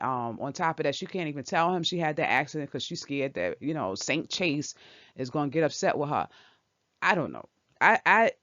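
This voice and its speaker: A woman's voice: deep voice, fairly bright tone, no echo. A woman hosting her channel, recapping a soap opera in a chatty, opinionated way and talking back at the characters. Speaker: channel host. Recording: dull lo-fi, dry sound.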